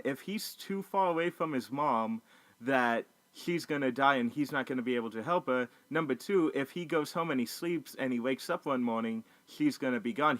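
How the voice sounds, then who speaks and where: A man's voice: mid-range voice, no echo. Man talking movies, dry close sound. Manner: animated, profane, mimics characters in quick asides. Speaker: co-host of a movie review. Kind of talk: casual review chat.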